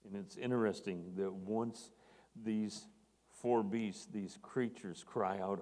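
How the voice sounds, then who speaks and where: Deep-voiced preacher in a reverberant hall. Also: male voice, fairly even intonation, takes it slowly, a little mellow. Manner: earnest, rising to emphatic on scripture quotes. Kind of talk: sermon.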